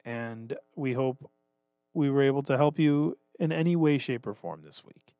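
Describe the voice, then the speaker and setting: A man's voice: mid-range voice, moderate pace, warm tone, no echo, faint music behind. A man in his thirties, a podcast co-host talking casually, self-deprecating and swearing a lot. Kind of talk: casual chat.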